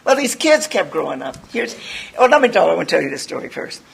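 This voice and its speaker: Gravelly-voiced older woman telling her story. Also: lowish voice, very animated, fast, poor audio. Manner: candid storytelling, rambling, self-mocking. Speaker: recovery speaker. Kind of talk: personal testimony talk.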